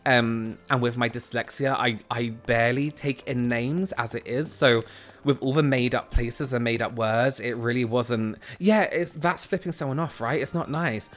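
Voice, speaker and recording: A British man streams a game, chatting easily and responding to viewer comments as he plays. His mid-range voice has a fairly bright tone and moves at a normal speed.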